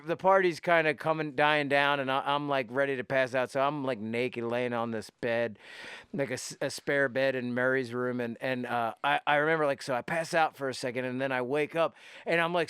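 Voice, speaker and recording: Podcast host guy, high bright voice, cussing and laughing thru a messy story, restarts a lot. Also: smooth, no room sound, studio quality. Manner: animated, profane, laughing, many restarts. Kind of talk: casual storytelling chat.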